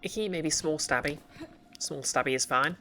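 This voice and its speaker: A woman's voice: low-pitched, normal speed, bright, forceful tone, slight background noise. Chatty woman streaming a game. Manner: chatty, rambling with many fillers. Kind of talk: casual game stream chat.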